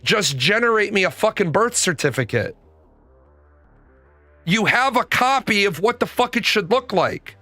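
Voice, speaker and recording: A man's voice: high voice, expressive, measured pace, bright, forceful tone, no echo, faint music behind. A young man telling a personal story as a rant, swearing and exasperated. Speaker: host.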